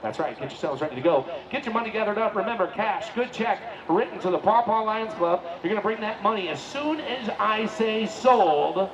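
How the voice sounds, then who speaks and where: A man with a high, bright voice calls a tractor pull over the loudspeakers, cracking folksy jokes and stretching out his hype calls. He sounds distant over the PA, with engine noise rumbling behind him at an outdoor track. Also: lively intonation, normal speed, few pauses, muffled recording. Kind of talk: live event announcing with banter. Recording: distant PA at a loud outdoor event.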